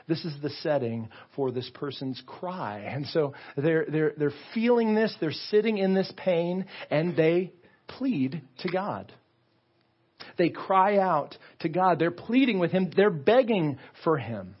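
Husky-voiced pastor preaching. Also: male voice, fairly high pitch, expressive, slow, muffled recording. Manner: conversational, earnest preaching with frequent repeats. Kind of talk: sermon. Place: church sanctuary.

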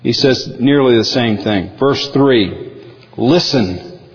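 A male pastor preaching a sermon in an emphatic, animated way. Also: medium pitch, slow. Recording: dull lo-fi audio with long hall reverb.

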